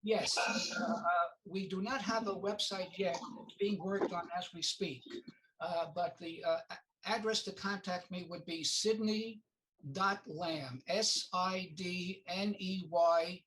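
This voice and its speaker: High-voiced man, halting with fillers. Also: fairly even intonation, a bit bright, slight background noise, low-quality recording. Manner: halting, many fillers, acts out quotes. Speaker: film producer. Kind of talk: interview guest, casual storytelling.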